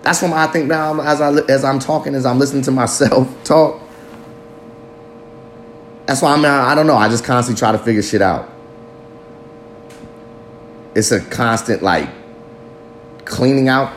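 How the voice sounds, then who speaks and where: A man's voice: medium pitch, moderate pace, pauses often, slight background noise. A man in his late thirties talking candidly to the camera in a rambling, self-mocking, heavily profane confessional monologue. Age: 30s.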